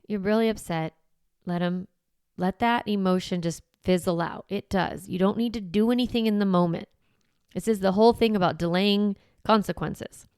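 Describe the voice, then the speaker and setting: Here the podcast host's mid-range voice comes across smooth and a touch mellow, captured in studio quality without any room sound. As a parenting coach, she walks listeners through ideas in an easygoing, reassuring style, frequently checking in with "right?"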